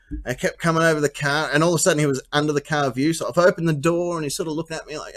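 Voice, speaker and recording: A man co-hosting a comedy chat show, his voice sitting a little high for a man. He tells his stories with big energy, swears freely and breaks into laughs along the way. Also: rapid-fire. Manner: animated storytelling, swears freely, laughs often. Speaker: co-host. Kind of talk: casual comedic banter.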